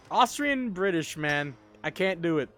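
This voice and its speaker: A man's voice: a little high, lively intonation, takes it slowly, fairly bright tone. A sleepy man casually chatting while streaming a game, rambling and swearing freely. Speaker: gaming streamer. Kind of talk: casual game livestream chat.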